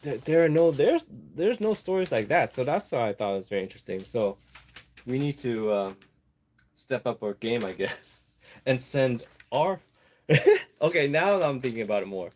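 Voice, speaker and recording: A man chatting to his viewers while he sews an apron, wandering from point to point and laughing at his own thoughts. His voice sits in a middle pitch, and he often sounds distracted by the work in his hands. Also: animated, moderate pace, a little hiss or hum. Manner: talks while sewing an apron. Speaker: vlogger. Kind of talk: rambling casual chat.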